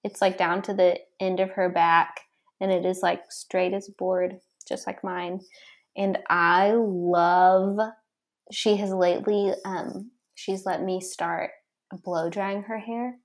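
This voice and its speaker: A woman's voice: on the low side, level tone, slow. A young adult woman guesting on a podcast, chatting casually, gushing and rambling with laughs. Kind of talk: casual chat.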